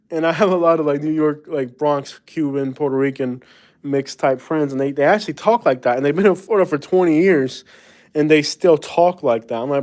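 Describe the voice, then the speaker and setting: A man hosting a relaxed live stream, rambling from thought to thought and chuckling as he goes. His voice sits a little high for a man. The sound is dry and close, with little room echo. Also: a little fast. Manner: rambling, chuckling, lots of fillers and slang like "bro". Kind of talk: casual live-stream chat.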